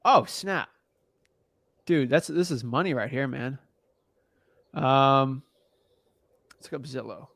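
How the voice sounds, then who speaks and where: A man's voice: mid-range voice, slow pace, gravelly, pauses often, fairly bright tone, no room sound. A man coaching a newcomer on real estate wholesaling in a casual, blunt, slangy way.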